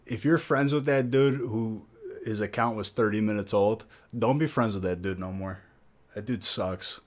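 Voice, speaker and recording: A man's voice: on the low side, moderate pace. A man hosting a live stream while opening card packs. He chats casually and jokes with viewers, greeting them by name. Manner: laid-back, joking, talks to chat by name.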